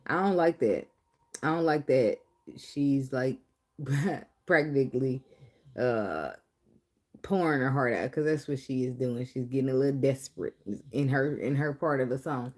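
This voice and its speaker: A woman's voice: extremely low pitch, unhurried, a little mellow. A woman giving a casual tarot reading, talking bluntly with profane, chatty asides. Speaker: tarot reader.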